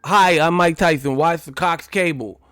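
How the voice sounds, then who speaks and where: Man doing a fumbling boxer impression, slightly raised pitch, dry sound. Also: normal speed, fairly bright tone, clear, resonant tone, no echo, soft background music, close to an everyday voice. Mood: mocking. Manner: stumbling over a scripted promo line.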